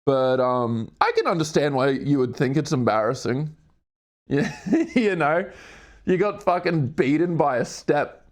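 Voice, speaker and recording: A young man with a slightly high, very lively voice chats casually with viewers while working on a puzzle. He swears constantly, laughs a lot, and keeps slipping into silly voices. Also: unhurried. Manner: profane, goofy, laughs often. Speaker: livestreamer. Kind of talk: casual livestream chat while doing a puzzle.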